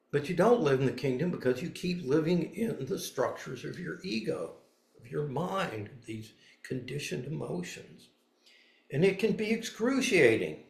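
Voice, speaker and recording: A man's voice: a little high, expressive, normal speed, vocal fry, roomy sound. A man giving a dharma talk as a spiritual teacher, blunt and folksy, moving between reading and emphatic asides.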